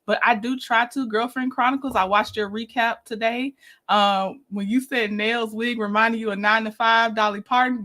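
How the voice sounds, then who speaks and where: A woman's voice: on the high side, pushed and bright. Giggly livestream host woman. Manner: chatty, giggly, greets viewers by name. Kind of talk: casual livestream chat.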